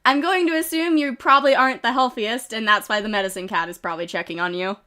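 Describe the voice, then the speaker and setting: Slightly high-voiced streamer woman, congested. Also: quick pace, bright, forceful tone. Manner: reads game events aloud with chatty asides and giggles. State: congested with a cough. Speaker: game streamer. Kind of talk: casual live-stream commentary. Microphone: desk microphone.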